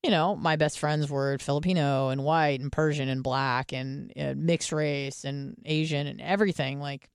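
A young woman from the States chats candidly on a podcast, dropping swear words and fillers as she goes. Her voice is smooth and clear, recorded close with no room sound. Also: deep voice, steady tone, normal speed, few pauses, dry recording. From United States. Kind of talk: casual podcast chat.

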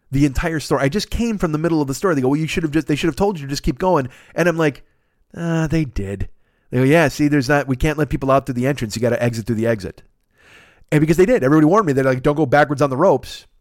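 A man telling a comic story in a podcast, animated and profane, acting out the people he quotes. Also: mid-range voice, no echo, clean studio sound. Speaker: podcast host.

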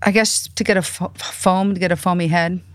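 A middle-aged woman from New York, a podcast guest telling animated stories and acting out the voices of people she quotes. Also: fairly low pitch, fairly quick, no room sound, clean studio sound. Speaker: interview guest. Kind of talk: casual storytelling.

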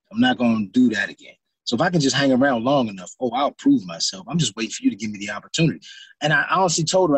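A man's voice: medium pitch, husky, dry recording, rough recording. A middle-aged man, an actor guest, casually telling stories in an interview and acting out his own past reactions in quoted asides.

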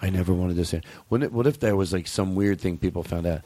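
A man's voice: low-pitched, fast, hardly any pauses, mellow, no room sound. A man hosting a comedy podcast in casual chat, rambling and riffing and cutting himself off mid-thought. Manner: rambling, riffing, self-interrupting. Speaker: podcast host.

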